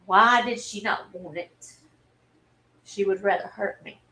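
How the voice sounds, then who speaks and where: A woman, telling a personal story in a halting, earnest and openly emotional way on a livestream. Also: medium pitch, pushed and bright, rough recording. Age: 40s. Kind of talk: candid personal livestream talk.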